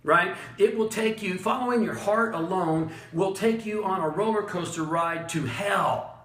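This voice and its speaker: A man delivers a blunt, animated motivational talk on leadership, leaning into his points with chuckles and dramatic pauses. His voice sits a little high for a man. The recording carries a noticeable roomy echo. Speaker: motivational speaker and leadership coach. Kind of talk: motivational monologue.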